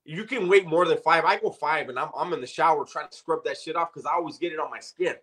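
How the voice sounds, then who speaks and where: A man's voice: fairly high pitch, fast talker, fairly bright tone. A middle-aged man co-hosting a casual chat, full of profane, teasing banter. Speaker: podcast co-host.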